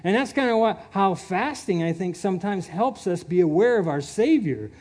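A man's voice: high voice, lively intonation, normal speed, darkish tone. A man preaching a sermon, reading scripture aloud with rising fervor and laughing often between passages.

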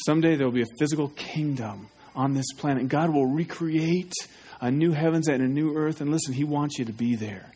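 A man preaching with urgent, pleading force. His voice sits a little high for a man, and he keeps firing questions straight at the congregation. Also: a little fast, few pauses, a little mellow, slightly rough. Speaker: pastor. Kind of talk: evangelistic sermon.

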